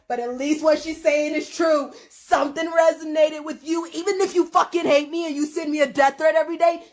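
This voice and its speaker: A woman's voice: high voice, fairly even intonation, a little fast, hardly any pauses. A woman ranting to camera in an agitated, profane way, swinging between laughter and tears. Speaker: vlogger. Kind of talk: emotional rant to camera.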